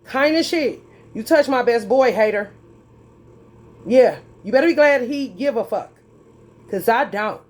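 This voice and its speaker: Her voice is slightly high and darkish, with lively intonation, an unhurried pace and long pauses. The tarot reader launches into a fiery, sermon-like and profane monologue, addressing viewers head-on in an emphatic drawl.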